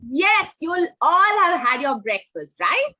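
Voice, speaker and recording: A high, bright woman's voice leads an online storytelling session for young children. She swoops up and down in pitch, takes her time, and keeps coaxing the little ones with questions. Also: sing-song, slow pace, muffled recording. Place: home, on a video call. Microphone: video call.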